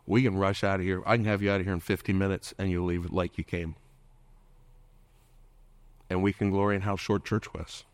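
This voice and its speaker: Low-voiced and level in tone, this pastor talks briskly yet leaves long pauses, with no echo around him. He preaches a sermon, quizzes the crowd repeatedly, and breaks into joking impressions.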